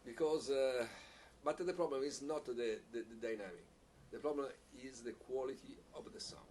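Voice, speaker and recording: Captured from afar with faint hiss beneath him, a man leads a piccolo masterclass, fielding questions in halting explanations full of repeated words and non-native phrasing. He speaks at a typical male middle pitch, darkish in tone.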